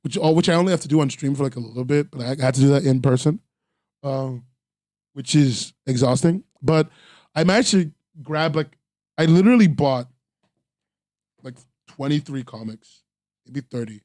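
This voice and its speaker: A man hosting a webcomics podcast talks alone in a mid-range, somewhat dark voice at a normal speed, pausing often. Tired and sore after three days at a convention, he rambles casually, puts himself down, and fills the chat with ums and laughs. The studio-quality recording is dry.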